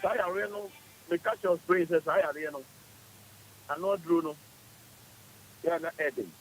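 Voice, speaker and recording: A man's voice: a little high, moderate pace, rough recording. A man joining a radio chat as a guest, rambling and laughing as he talks. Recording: radio broadcast with faint hiss.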